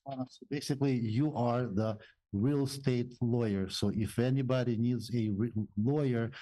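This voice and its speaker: A man's voice: medium pitch, steady tone, moderate pace, dark tone, poor audio. A man hosting a radio show, a mortgage expert who talks in a friendly, emphatic way with some hesitant fillers. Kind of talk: casual radio talk.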